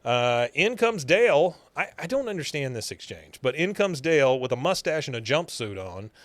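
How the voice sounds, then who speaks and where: A man's voice: fairly high pitch, very animated, moderate pace, dry recording. A man hosting a podcast, casually recapping a cartoon episode in a rambling way with fillers. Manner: rambling with frequent fillers and laughs. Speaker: podcast host.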